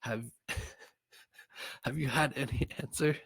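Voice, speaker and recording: A man voicing a sly, scheming old creature advisor with a raspy, fawning way of talking, in a storybook reading. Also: mid-range voice, slow, pitched above the performer's own voice, exaggerated voice. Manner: wheedling, fawning flattery.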